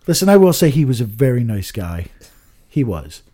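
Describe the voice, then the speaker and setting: A man's voice: mid-range voice, very animated, normal speed, warm tone. A man chatting casually on a podcast, rambling, swearing often and trailing off with "I don't know.". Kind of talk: casual chat.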